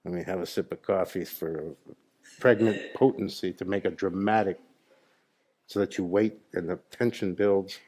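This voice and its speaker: A man's voice: low voice, fairly even intonation, normal speed, darkish tone. A man as spiritual teacher, leading a satsang and quizzing his listeners in a playful, probing, emphatic way.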